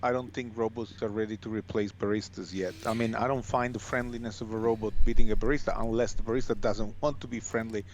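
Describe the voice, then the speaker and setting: A man's voice: lowish voice, fairly even intonation, fast, hardly any pauses, slight background noise. A man with an Italian accent, a guest on a podcast, talking in a thoughtful way and often restarting his words. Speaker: podcast guest, coffee machine company CEO. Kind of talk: casual conversation.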